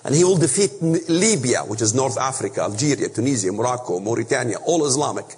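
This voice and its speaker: Animated preacher man in a reverberant hall. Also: medium pitch, fast. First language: Arabic. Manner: emphatic, animated, rhetorical questions. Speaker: speaker on biblical prophecy. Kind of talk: preaching Bible lesson.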